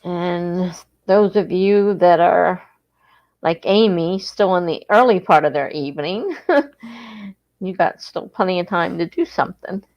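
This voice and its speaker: A writing-sprint livestream host from the East Coast talks at a measured pace in a fairly low voice over lo-fi sound. She keeps things casual, rambling and correcting herself as she becomes sleepier.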